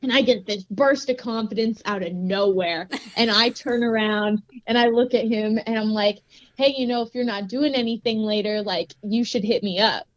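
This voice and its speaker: A woman's voice: fairly high pitch, normal speed, no room sound, dull audio. A young woman guest telling a story in a casual, giggly way, full of "like". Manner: giggly, animated, says "like" a lot. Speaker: podcast guest, grappler.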